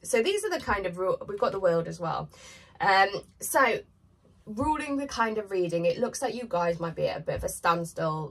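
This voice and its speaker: A woman's voice: fairly low pitch, breathy edge, distant mic, poor audio. A woman giving a chatty, rambling pick-a-card tarot reading while congested with a cold. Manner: chatty, rambling, filler-heavy. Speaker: tarot reader.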